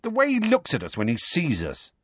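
A man's voice: a little high, wildly swooping pitch, brisk, fairly bright tone, husky, no echo, muffled recording, pitched above the performer's own voice, full character voice. A man voicing a blunt, grumbling teenage boy in an audiobook. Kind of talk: audiobook character voice.

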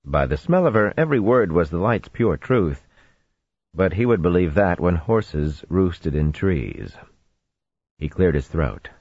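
A man narrating a fantasy audiobook in a steady storytelling voice with expressive swings, on a dull lo-fi recording. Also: sits low, unhurried, slightly rough, dry recording.

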